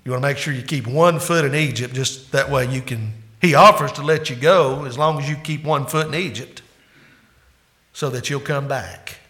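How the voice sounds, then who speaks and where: A male pastor preaching with a bright, forceful voice. He builds to loud, emphatic peaks and then drops into hushed, intimate asides to his listeners. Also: medium pitch, normal speed. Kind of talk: sermon.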